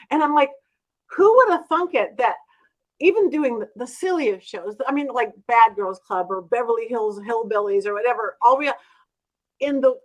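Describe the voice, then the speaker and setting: A woman guest, a spiritual medium, telling stories in an interview with lively acted-out quotes. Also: high-pitched, poor audio. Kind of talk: storytelling interview.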